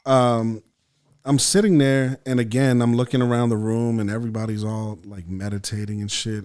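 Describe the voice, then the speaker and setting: A man from El Salvador tells a wild story on a podcast, swearing freely and playing out his own inner voice. His voice sits a bit low, and his delivery is loose and animated. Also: brisk. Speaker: podcast guest, actor and writer. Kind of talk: casual storytelling chat.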